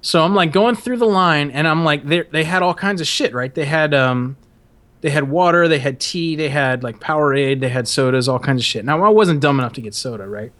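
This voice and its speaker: Young male podcast host, slightly high voice, profane storyteller who laughs through his anecdotes. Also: brisk. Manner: profane, laughing, acts out shouted quotes. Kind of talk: casual storytelling.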